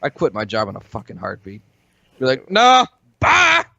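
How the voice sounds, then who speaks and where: A man's voice: fairly low pitch, brisk, vocal fry, fairly bright tone, slightly rough, highs cut off. A man co-hosting a casual podcast, joking and rambling with frequent swearing. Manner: jokey, rambling, swears freely. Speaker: podcast co-host. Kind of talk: casual chat.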